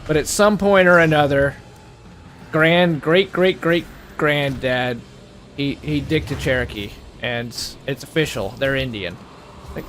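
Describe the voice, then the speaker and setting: A man's voice: fairly high pitch, a little slow, a bit bright, a little hiss or hum. A man co-hosting a gameplay video, rambling earnestly in casual chat and swearing freely. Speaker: let's play co-host. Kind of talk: casual chat while gaming.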